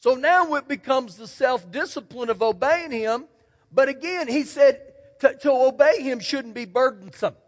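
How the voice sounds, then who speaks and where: A man's voice: extremely high pitch, lively intonation, normal speed. A man preaching a sermon as pastor, folksy and emphatic, telling stories and repeating key words. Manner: folksy, storytelling, emphatic repetition. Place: church sanctuary. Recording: long church hall reverb.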